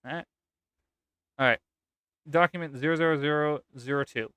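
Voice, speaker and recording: A man's voice: fairly high pitch, fairly quick, pauses often, sharp tone, smooth, no room sound, clean studio sound. A man reading a document aloud with casual, sarcastic commentary and occasional swearing. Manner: sarcastic, swears, laughs at the text. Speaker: gaming content creator.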